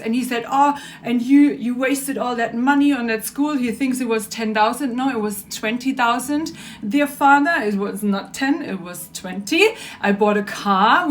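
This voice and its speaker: A young woman, ranting in a video diary, agitated and profane, dropping to low mutters and rising to shouts. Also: a little hiss or hum. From Germany. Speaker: vlogger.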